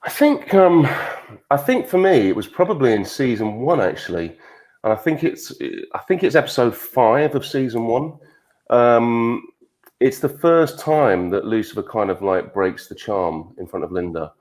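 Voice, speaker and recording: A man's voice: medium pitch, big pitch swings, normal speed, a little mellow. A man answering fan questions as an actor guest on a panel, laid-back and joking, with frequent stammered restarts. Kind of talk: casual panel chat. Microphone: video call.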